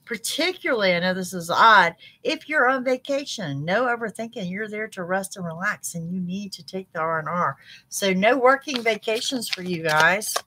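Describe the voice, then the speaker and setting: A woman reading tarot cards for her viewers in an animated, chatty way, talking straight to them. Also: medium pitch, moderate pace, slightly rough. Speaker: psychic tarot reader.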